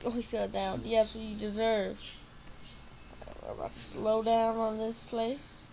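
A woman casually commentating her gameplay, excitably squealing, cheering and talking back at her opponents. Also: a little high, a little slow, creaky, a little hiss or hum. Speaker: gamer commentating her play.

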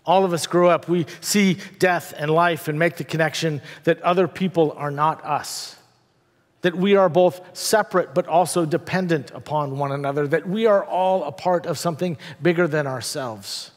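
Storytelling male pastor in a reverberant church. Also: on the high side. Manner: storytelling, with dramatic pauses; wry asides. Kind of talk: sermon. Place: church sanctuary.

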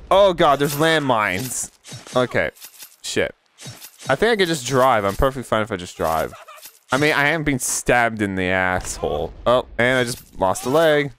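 A man commentating a gameplay video, panicking and swearing, his voice jumping into high squeals. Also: a bit bright, a little hiss or hum. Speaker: gaming video creator. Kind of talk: let's play commentary.

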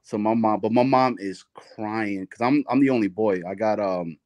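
Male co-host, low-ish voice, teasing and loose; dry close sound. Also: normal speed, darkish tone, dry recording. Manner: joking, teasing questions, slangy. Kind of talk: casual chat.

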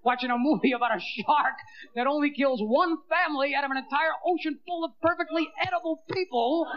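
A man performing stand-up comedy, talking fast and acting out little scenes in other voices. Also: very high-pitched. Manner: fast, animated, acting out voices of people and the movie. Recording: dull lo-fi tape with clear hiss.

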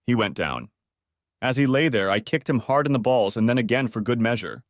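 A man's voice: medium pitch, no echo. Dry-voiced man narrating a drama. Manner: dramatic, wounded. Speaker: story narrator. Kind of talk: first-person story narration.

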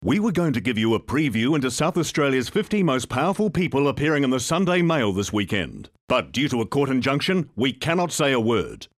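A man's voice: medium pitch, very animated, fairly quick, hardly any pauses, dry recording, clean studio sound. A man reading a comedic radio ad in a mock-serious announcer voice. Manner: mock-serious, breaking into laughter. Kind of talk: comedic scripted ad voice-over.

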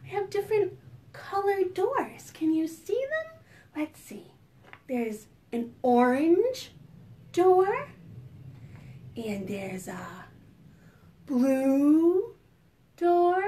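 Lively sing-song woman at storytime. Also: very high voice, extremely slow, long pauses. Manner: sing-song, playful, full of gasps and animal sounds. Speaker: children's librarian. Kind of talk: preschool storytime.

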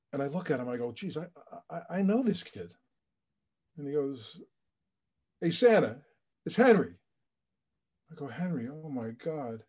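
Middle-aged New man, guest telling an emotional story, acts out the voices in it, sits a bit high in pitch. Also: dark tone. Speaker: charity founder, guest. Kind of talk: animated storytelling.

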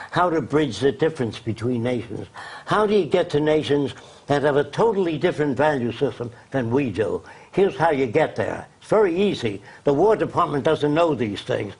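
Speaking as an interview guest, this social designer lectures with blunt passion, rattling off point after point emphatically. The man's voice is medium in pitch, darkish, with a breathy edge.

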